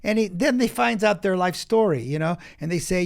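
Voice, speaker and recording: A man, an acting coach, speaking as a podcast guest and telling stories in an emphatic, animated way, with quick bursts and restarts. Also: high voice, gravelly. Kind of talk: animated interview storytelling.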